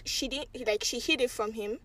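A woman telling a family story in casual chat, animated and quick to act out what others said. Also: fairly high pitch, a loud crowd.

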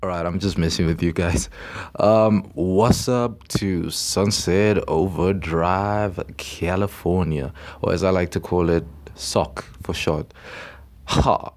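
A young man hosts a casual podcast, talking in an excitable, rambling way and repeating his words. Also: deep voice, takes it slowly. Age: young adult. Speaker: podcast host.

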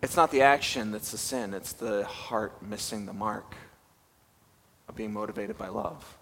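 A man's voice: fairly low pitch, expressive, a little slow, gravelly, fairly bright tone. A young male pastor giving a conversational, self-deprecating sermon and putting questions to his listeners. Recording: reverberant hall with faint ambience.

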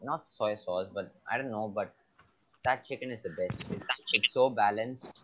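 Low-voiced hesitant man, dull sound. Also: moderate pace, a little hiss or hum. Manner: hesitant, many fillers, searching for words. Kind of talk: casual chat.

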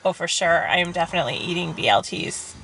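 A woman's voice: lowish voice, expressive, fast talker, vocal fry, fairly bright tone, slight background noise, low-quality recording. A woman co-hosting a podcast in casual chat, wry and teasing. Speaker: podcast co-host.

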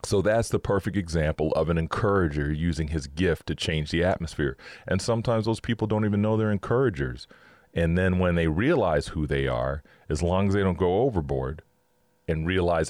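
A man's voice: low voice, lively intonation, moderate pace, a little mellow, no room sound. A man hosting a casual faith talk, upbeat and chatty, laughing often as he teaches. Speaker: podcast host.

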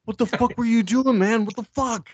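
A man putting on a hot-headed male vigilante from South Philly, loud, cursing and indignant. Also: extremely high pitch, normal speed, slightly rough, no echo, muffled recording, pitched above the performer's own voice. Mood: outraged.

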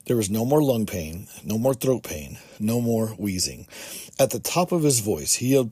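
A man's voice: fairly low pitch, big pitch swings, normal speed, warm tone, slightly rough, no room sound. A man hosting a podcast, reading from a book aloud in an earnest way and adding his own comments, with small restarts. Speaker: podcast host.

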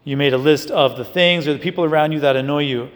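A man's voice: a little high, fast talker. A man giving a conversational spiritual talk to young adults as a Catholic speaker, often checking in with "right?" and "you know". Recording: echoey hall.

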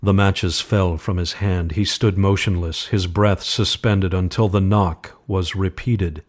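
Brief: male storyteller, lower register, measured and suspenseful narration. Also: fairly even intonation. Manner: slow, measured, suspenseful reading. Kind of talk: scripted horror story narration.

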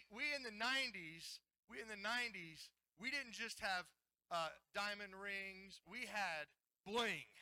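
A playful middle-aged male pastor delivers a sermon, joking and drawing the congregation into call-and-response. His voice sits high and sounds very bright and forceful. The sound is dry and close, with little room echo. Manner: playful, jokey, coaxes audience to join in. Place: church hall.

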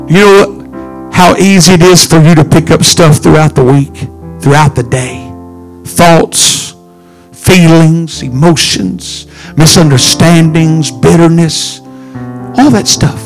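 A pastor preaching a sermon, swinging from low murmurs to shouted lines. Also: male voice, slow pace, faint music behind.

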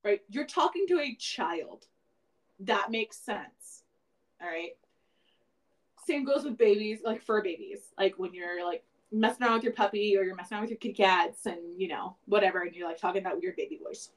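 A woman's voice: medium pitch, moderate pace, low-quality recording. A woman co-hosting a casual podcast, talking animatedly, laughing often and swearing. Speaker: podcast co-host.

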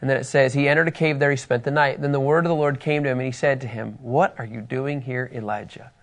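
A man teaching a Bible lesson to a group, reading scripture passages aloud and asking his listeners questions in an animated way. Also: mid-range voice, racing.

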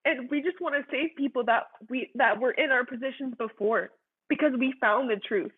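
A woman's voice: sits high, moderate pace, husky. A young woman sharing her personal faith testimony, earnest and fervent, talking in a loose way full of "like" and "you know". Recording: tinny phone-like sound.

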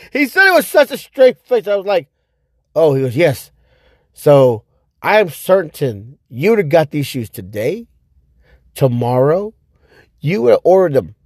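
A man hosting his own podcast, telling a story in a loose, rambling way, with many fillers and repeats, and loudly acting out his own reactions. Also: fairly high pitch, moderate pace, no room sound, clean studio sound. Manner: animated, acts out his own past reactions with sudden loud outbursts. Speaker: podcast host. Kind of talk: casual storytelling monologue.

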